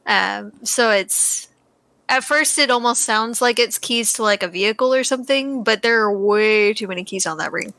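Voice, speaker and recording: A young woman co-hosting a casual podcast chat about a horror movie, matter-of-fact, with dry quips and quick laughs. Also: fairly high pitch, pushed and bright, dry recording. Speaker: podcast co-host.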